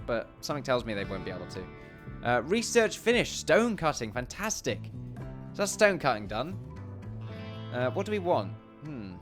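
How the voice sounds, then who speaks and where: A British man talks through his game in a relaxed, rambling way, thinking out loud and getting excited about small finds. His voice sits at an ordinary middle pitch. Game music plays clearly under his voice. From Britain. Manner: chatty, musing aloud, quick bursts of excitement and laughter. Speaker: gaming YouTuber. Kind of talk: casual gameplay commentary.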